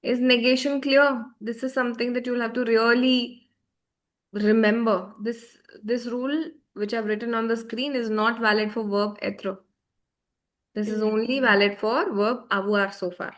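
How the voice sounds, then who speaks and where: A woman's voice: fairly high pitch, steady tone, measured pace. A woman teaching a beginner French class online over a video call, patiently checking that her students follow. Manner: patient, checks often for understanding.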